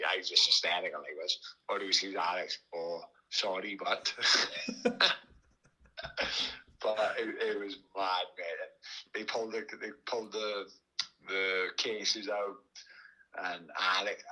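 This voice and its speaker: A man from Wales with a Welsh accent, a former boxer appearing as a podcast guest, rambles through an anecdote, laughing a lot and restarting sentences. He speaks at a fairly low pitch in a bright, forceful tone over a rough recording.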